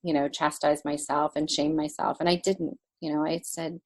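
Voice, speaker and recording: A woman guest telling a personal story in a podcast interview, animated and emotional, laughing now and then. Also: sits low, normal speed, hardly any pauses.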